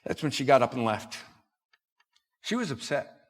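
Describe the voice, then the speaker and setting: A man giving a conference talk at a church, telling a story and acting out the dialogue in an animated way. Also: medium pitch. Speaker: conference speaker. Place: church hall. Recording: reverberant church hall.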